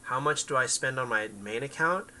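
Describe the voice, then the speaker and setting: Very bright-voiced chatty male streamer. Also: mid-range voice, normal speed, rough recording. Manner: chatty, rambling, talks to chat and his cat. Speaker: game streamer. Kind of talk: casual livestream chat.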